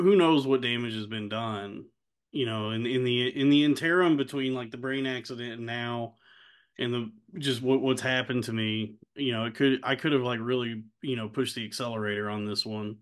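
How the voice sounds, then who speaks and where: A man in his thirties co-hosting a casual podcast, laughing often and acting out quotes in a higher voice. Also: a bit bright. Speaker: podcast co-host. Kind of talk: casual chat.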